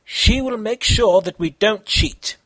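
A man's voice: high voice, slow, a bit bright, no room sound, pitched above the performer's own voice, full character voice. A man voicing a tough, loyal martial-arts hero in an amateur fan-fiction reading, plain and earnest. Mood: explaining.

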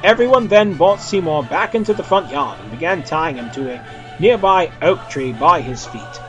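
A young man reads a silly story aloud in a playful, dramatic way. His voice sits a little high and swings widely in pitch. The recording is dull and lo-fi, with faint music underneath. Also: moderate pace. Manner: switches between character voices, lively and playful. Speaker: reader of fan fiction.

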